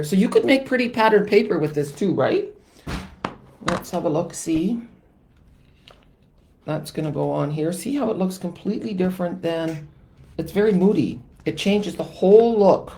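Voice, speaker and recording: A woman's voice: deep voice, dark tone, slight background noise. A woman hosting a live card-stamping tutorial, chatting with viewers and teasing herself about her mistakes as she works. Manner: chatty and self-deprecating, greets live commenters. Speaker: stamping demonstrator and channel host.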